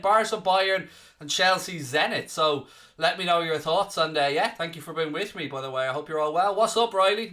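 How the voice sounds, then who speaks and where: A man's voice: sits high, pushed and bright. A young man hosting a football watchalong stream from home, chatty and upbeat, greeting viewers in the chat by name. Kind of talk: casual live-stream chat, reading out viewer comments.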